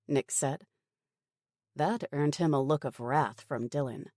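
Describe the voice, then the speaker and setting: A woman narrating a story audiobook in a steady, even storytelling manner. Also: rumbling low, unhurried, no room sound, clean studio sound. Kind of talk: scripted narration.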